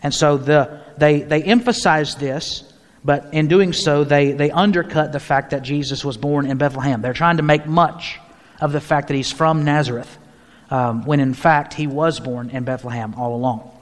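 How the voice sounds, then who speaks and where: A man's voice: on the high side, unhurried. A man, a pastor, leading a mid-week Bible study in a conversational teaching style, often restarting his phrases and inviting questions from the group. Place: church hall. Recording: long hall reverb.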